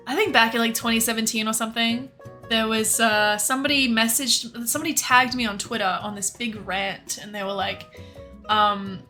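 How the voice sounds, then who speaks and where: A woman's voice: a little high, steady tone, moderate pace, bright, forceful tone, faint music behind. A young woman streamer in casual livestream chat, rambling, laughing often and swearing casually.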